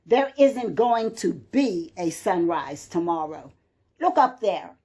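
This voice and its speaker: A woman's voice: on the low side, animated, slow pace, a little mellow, slightly rough, pitched below the performer's own voice, heavily acted. A woman voicing a worried hen who hurries to warn the other farm animals, sounding urgent and fussing. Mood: alarmed. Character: worried hen spreading alarm.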